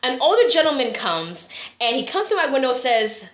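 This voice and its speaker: Animated woman life coach on a live stream. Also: high voice, quick pace, reverberant. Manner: animated storytelling, frequent "right?" asides. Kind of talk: live-stream motivational talk.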